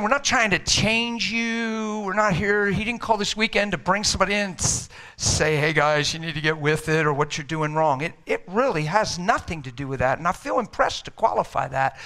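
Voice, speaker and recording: A middle-aged man preaching a sermon in an energetic, emphatic, conversational way. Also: high-pitched, fairly quick.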